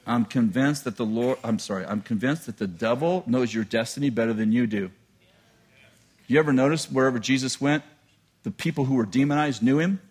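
A male preacher telling a personal story in a sermon, animated and self-deprecating, often laughing at himself. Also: medium pitch, a little fast, slightly rough.

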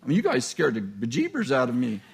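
A male preacher telling a personal story in a sermon, animated and self-deprecating, often laughing at himself. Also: mid-range voice, quick pace, vocal fry, husky.

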